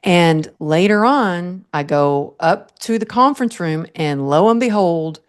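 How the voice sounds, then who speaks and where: A woman hosting a podcast interview, telling a story in an earnest, animated way and laughing often. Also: on the low side, measured pace, clean tone. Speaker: podcast host.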